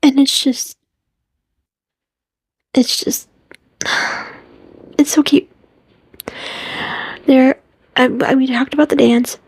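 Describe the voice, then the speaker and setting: Young woman vlogger, slow and husky, a gushing movie recap with lots of whispered asides. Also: sits high, little pitch movement, no echo. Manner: gushing, often drops into whispers, acts out quotes.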